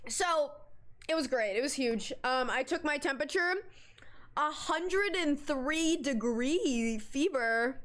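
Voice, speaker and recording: High-voiced, animated young woman streamer. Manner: animated, swearing, dramatic storyteller. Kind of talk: casual live-stream chat.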